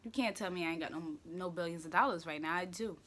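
A young woman hosts her own casual talk show from a room at home, chatty, playful and opinionated, full of slang and filler words. Her voice is fairly low and a bit bright, and she talks quickly.

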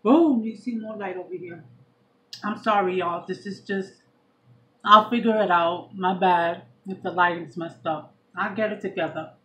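A mukbang vlogger from Brooklyn, New York, with a Southern US accent, chats in a slangy, laid-back way while eating at home by a window, taking bites between sentences. Her lowish voice has fairly even intonation and normal speed, and the poor audio carries slight background noise.

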